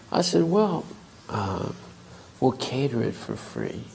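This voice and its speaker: Gravelly man telling a story in class. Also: mid-range voice, big pitch swings, unhurried, a little mellow, a little hiss or hum, rough recording. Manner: conversational, acts out quoted dialogue. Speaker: temple speaker.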